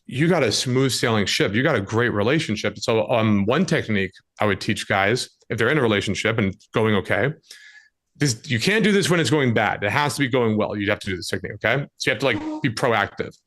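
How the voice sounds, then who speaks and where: A man's voice: lowish voice, lively intonation, brisk, a bit bright. A man who works as a dating coach, giving direct relationship advice as a podcast guest in a casual conversation. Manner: direct, coaching, acts out scenes with quoted voices.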